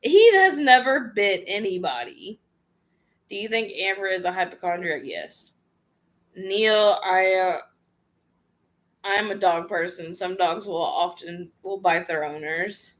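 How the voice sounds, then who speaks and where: A woman's voice: lowish voice, slow, a bit bright. A woman vlogger casually reading out viewer questions and answering them frankly in a chatty, slangy way. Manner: reads viewer questions aloud and answers offhand. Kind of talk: casual livestream Q&A.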